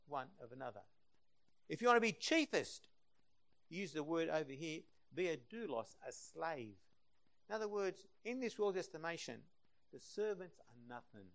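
A man preaching a sermon, swinging between loud passionate emphasis and hushed, quiet stretches. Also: a little high, sing-song, moderate pace, long pauses.

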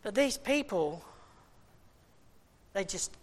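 A male preacher delivering a sermon in an animated way. He swings from shouted exclamations down to hushed, low asides and then back up again. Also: slow pace.

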